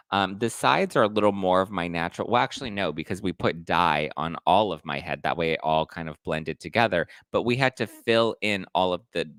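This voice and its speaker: Male pop culture host, lower register, playful gossipy delivery, dry close mic. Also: creaky, no room sound. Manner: chatty, animated, playful gossip. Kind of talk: casual livestream chat.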